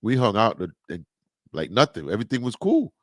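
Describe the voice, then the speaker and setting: A man's voice: lowish voice, fairly quick, no echo. Laid-back man telling stories, dry sound. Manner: animated storyteller, acts out quoted voices. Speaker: podcast co-host. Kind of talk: casual chat.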